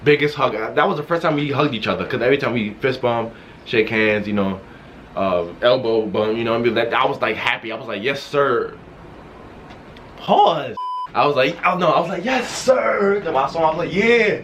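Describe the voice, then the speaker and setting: A young man telling a casual storytime vlog, excited and rambling, restarting his sentences often. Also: medium pitch, moderate pace, a little hiss or hum. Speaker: vlogger. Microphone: wearing a mask while talking.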